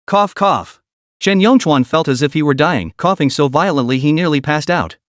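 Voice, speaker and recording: A man's voice: fairly high pitch, brisk, no echo, studio quality. A man narrating a dramatic story recap in a scripted reading voice. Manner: lively storytelling, reads all characters' lines himself.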